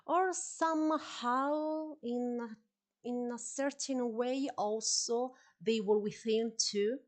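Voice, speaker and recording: Slow and fairly high in pitch, this Italian-accented woman talks casually to viewers during a live gaming stream. She laughs frequently and keeps saying sorry for her English.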